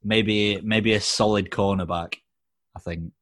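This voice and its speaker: A man's voice: fairly low pitch, fairly even intonation, unhurried, fairly bright tone, no echo, studio quality. A man co-hosting a podcast, chatting in a laid-back, joking way. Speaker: podcast co-host. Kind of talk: casual chat.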